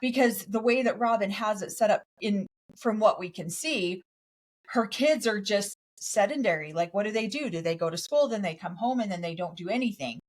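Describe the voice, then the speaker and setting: Animated woman telling stories on a podcast. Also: mid-range voice, normal speed. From raised in a polygamous community in the United States. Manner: animated storytelling, acts out quotes. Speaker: podcast co-host. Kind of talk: casual chat.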